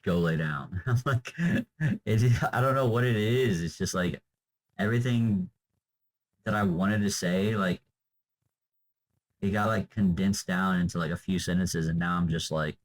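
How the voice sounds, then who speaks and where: Speaking low-pitched and unhurried with a steady tone, a young man pauses often during his unscripted vlog ramble. He's tired and drained, drifting loosely with many fillers and trailing off. The recording quality is rough.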